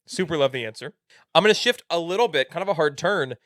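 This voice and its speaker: A man's voice: fairly high pitch, lively intonation, quick pace, fairly bright tone, no echo, studio quality. A man in his late thirties hosting a podcast, interviewing a guest in a playful, enthusiastic way. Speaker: podcast host.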